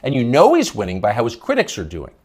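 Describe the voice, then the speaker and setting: A man's voice: medium pitch, wildly swooping pitch, fast talker, darkish tone, breathy edge. A man hosting a news commentary show, delivering a scornful, emphatic opinion monologue.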